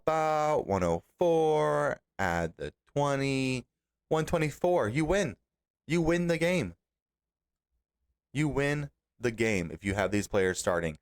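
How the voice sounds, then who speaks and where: A young adult man hosting a podcast alone, recapping fantasy football results in an animated, exasperated way. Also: medium pitch. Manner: animated, exasperated scolding of team managers. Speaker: podcast host.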